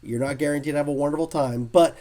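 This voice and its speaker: A man, a comic artist being interviewed, telling stories in a casual, animated way and acting out what others said. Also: a little high, fast. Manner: animated storyteller who acts out quotes.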